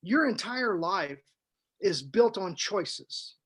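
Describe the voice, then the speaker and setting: High-voiced man telling a rambling story. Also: slow, husky. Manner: animated, rambling storyteller who repeats words. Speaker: podcast co-host and author. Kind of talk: casual storytelling chat.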